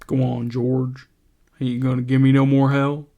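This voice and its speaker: A man's voice: medium pitch, monotone, normal speed, warm tone, highs cut off, natural voice. A man doing Lenny, a childlike pleading giant. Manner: childlike, pleading rural drawl. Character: simple-minded big man, childlike and pleading.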